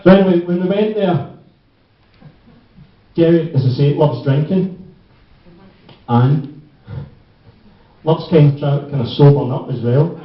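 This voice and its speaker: A man's voice: on the high side, unhurried, pauses often. Rambling Glaswegian man in an echoey hall. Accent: Scottish, Glaswegian. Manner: rambling, often breaking into laughter. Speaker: friend giving a tribute speech. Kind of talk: anecdotal speech at a party. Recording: echoey hall, distant dull mic.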